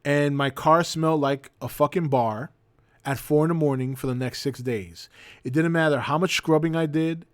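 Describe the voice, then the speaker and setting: A man in his forties hosting a livestream, telling an anecdote in a casual, profane, animated way. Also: on the high side, moderate pace, no room sound, studio quality. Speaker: host.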